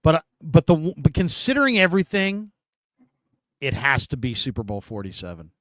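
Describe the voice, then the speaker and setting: A man hosting a casual sports talk show, telling stories in an animated, emphatic way. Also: a little high, normal speed, dry recording, studio quality.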